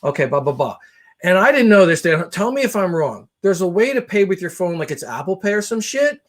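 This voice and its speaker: A man spinning a comic rant in a slightly high voice. He sounds exasperated and swears freely, with lively, animated delivery. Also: fairly quick. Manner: animated, profane, exasperated ranting with voiced impressions. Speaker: podcast co-host. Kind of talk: comedic storytelling rant.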